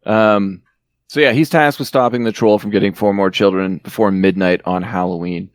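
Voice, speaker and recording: A man's voice: fairly low pitch, steady tone, normal speed, no echo. A man hosting a podcast, casually recapping a film's plot with joking asides. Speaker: podcast host recapping a film. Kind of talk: casual chat.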